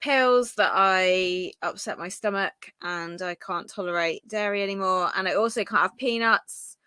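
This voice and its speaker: Chatty woman co-host, bright forward tone, close dry mic, candid and rambling. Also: medium pitch, measured pace, clear, resonant tone, no room sound. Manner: chatty, candid, trailing fillers. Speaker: podcast co-host. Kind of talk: casual live podcast chat.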